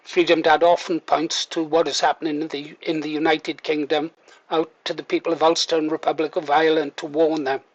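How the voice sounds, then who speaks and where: A man hosting a channel, introducing the next clip in a measured, slightly halting way. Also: a little high, level tone, dull audio. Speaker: channel host. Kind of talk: video introduction.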